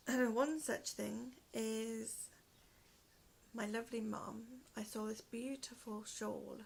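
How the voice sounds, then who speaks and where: Gravelly British woman, hoarse and slow, soft near-whispered home podcast chat; faint room noise. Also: on the high side, steady tone. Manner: soft-spoken, often trailing into a whisper. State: in pain, hoarse from asthma. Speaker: podcast host. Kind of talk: casual chat to camera. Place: one room at home, indoors.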